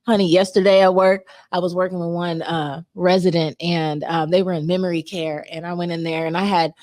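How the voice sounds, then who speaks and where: A woman's voice: on the low side, a little fast, dry recording, clean studio sound. A woman guest on a talk show, telling stories from her work in a heartfelt, emphatic way. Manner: heartfelt storyteller who turns emphatic and animated. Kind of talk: casual chat.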